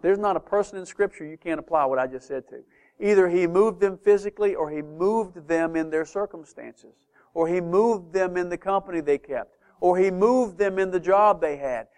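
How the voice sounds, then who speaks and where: A male preacher delivering a sermon in a church, animated, firing rhetorical questions and swinging between soft asides and loud emphasis. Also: sits high, moderate pace.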